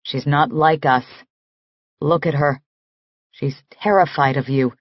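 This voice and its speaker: Dry deadpan american guy, tough, unbothered, read by a lady narrator, flattish dull sound. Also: on the high side, takes it slowly, no room sound, voice pushed down. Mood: urging. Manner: droll, flat, deadpan. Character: droll sardonic American man, tough and unafraid.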